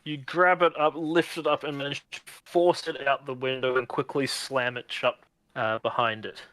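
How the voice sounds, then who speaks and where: A man narrating as game master on a video call, describing the action in a relaxed way and laughing often. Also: mid-range voice, moderate pace, no echo, low-quality recording.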